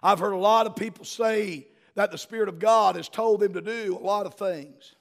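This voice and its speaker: A middle-aged man, preaching a sermon as a pastor and building to fervent shouting. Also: high-pitched, fairly even intonation, normal speed, vocal fry.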